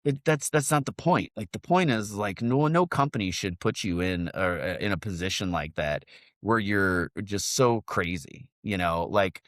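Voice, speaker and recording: The sound is dry and studio-clean, carrying a fairly low voice at a normal pace. It's a forty-something man from the United States co-hosting a podcast, animatedly telling rambling stories full of swearing in casual talk.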